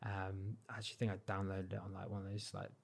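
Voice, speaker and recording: A young man from Cornwall with a southern English accent, telling stories as a podcast guest in a relaxed, modest way with plenty of fillers. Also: low voice, quick pace, creaky. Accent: southern English, not Cornish. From Cornwall, England. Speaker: podcast guest, football freestyler. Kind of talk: casual chat.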